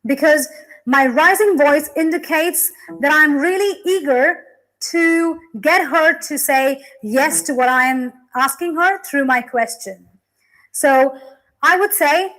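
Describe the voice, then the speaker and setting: A woman's voice: sits high, fairly bright tone, low-quality recording. A young woman teacher explaining English grammar in a classroom lesson, with frequent "okay" and "you know" fillers.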